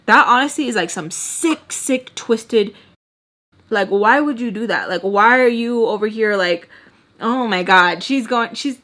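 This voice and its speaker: A young woman telling a personal story in a casual storytime vlog, animated and exasperated, saying "like" constantly. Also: fairly high pitch, a little slow. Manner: animated and exasperated, heavy use of "like". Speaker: storytime vlogger.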